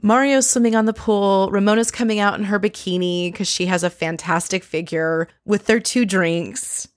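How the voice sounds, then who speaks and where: A woman's voice: medium pitch, fairly even intonation, moderate pace, dry recording, studio quality. A woman hosting a casual, chatty recap with wry, sarcastic asides. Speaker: podcast host recapping a reality show.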